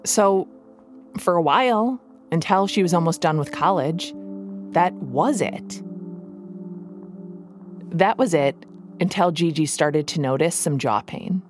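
A woman's voice: lowish voice, lively intonation, slow, long pauses, a little mellow. A woman with a Minnesota accent, hosting a podcast and narrating a scripted story in a wry, playful way. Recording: music bed under the voice.

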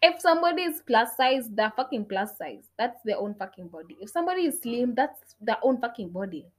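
An outspoken young woman venting her views straight to camera. Her speech lurches from sharp, loud bursts down to near-whispered muttering, peppered with curses and Swahili phrases. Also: animated, fairly quick. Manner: outspoken, swears a lot, switches between English and Swahili; swings from loud outbursts to low muttered asides. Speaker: vlogger. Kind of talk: casual opinion rant.

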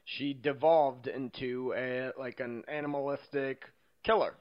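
A man's voice: mid-range voice, steady tone, unhurried. A young man chatting enthusiastically in a casual movie discussion. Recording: dull lo-fi sound.

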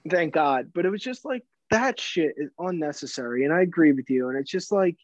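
A man's voice: on the high side, expressive, fairly quick, no echo. A man co-hosting a casual sports podcast who rambles, stumbles over his words, restarts his sentences and swears freely. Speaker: podcast co-host. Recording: dull, dry sound.

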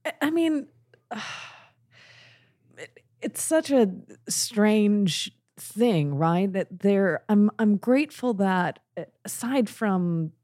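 A woman hosting a podcast in casual conversation, talking haltingly with many restarts and the odd swear word. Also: medium pitch, expressive, dark tone. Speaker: podcast host.

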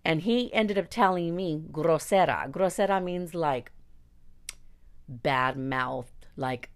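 Woman, deep voice, fry, blunt, outspoken, candid personal story. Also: slow. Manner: blunt, outspoken, swears freely. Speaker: singer recounting her career.

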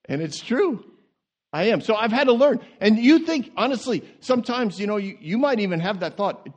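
A male pastor preaching in a church, animated and laughing, often repeating words as he goes. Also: high voice, normal speed. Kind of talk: sermon. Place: church sanctuary.

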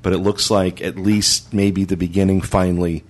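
A man's voice: low voice, flat delivery, moderate pace. A man hosting a casual podcast roundtable, running segments and laughing often with his co-hosts. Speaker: podcast host.

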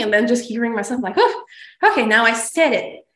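A woman's voice: fairly high pitch, animated, a little fast, a bit bright. Emphatic woman host, echoey room. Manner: emphatic, swears freely, acts out her own past lines. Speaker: podcast host. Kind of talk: candid confessional chat. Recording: roomy echo.

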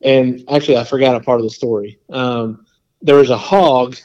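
Male podcast guest, mid-pitched, casual storyteller who rambles with lots of fillers, slightly muffled audio. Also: moderate pace. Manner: rambling and animated, full of "like" and quoted asides.

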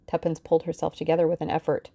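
A woman reading a novel aloud as an audiobook narrator, in a measured, steady storytelling manner. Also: sits low, vocal fry, no room sound, clean studio sound. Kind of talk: scripted narration.

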